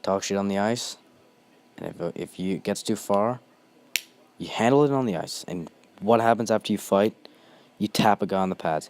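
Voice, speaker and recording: A man's voice: lowish voice, moderate pace, a little mellow. A young man hosting a ranting monologue, heated and blunt, swearing constantly.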